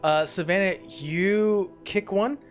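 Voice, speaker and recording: Serving as game master for a tabletop game, a man narrates in a rambling way, full of fillers and restarts. His voice sits high and his delivery is slow, with soft music in the background.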